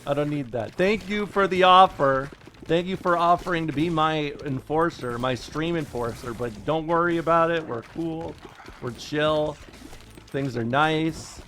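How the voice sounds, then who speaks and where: Chatty streamer man, wry and fast. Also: on the high side, fairly bright tone, slight background noise. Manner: wry, chatty, quick to deny and joke. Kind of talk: casual chat with viewers.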